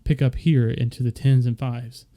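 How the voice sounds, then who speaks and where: In this casual screen-share, a young man explains his mic setup, rambling with fillers. His mid-range voice is mellow, shows little pitch movement and keeps a moderate pace.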